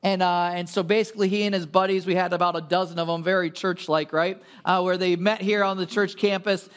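A man's voice: high-pitched, steady tone, brisk, a bit bright, clean tone. Casual, storytelling male pastor. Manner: asks many rhetorical questions. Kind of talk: conversational sermon.

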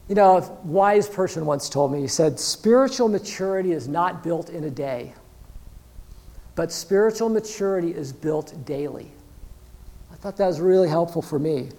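Here a man delivers a sermon as pastor, his voice a little high and mellow, moving at a normal speed. The preaching is earnest and chatty, peppered with "you know," and he performs the voices of imagined believers.

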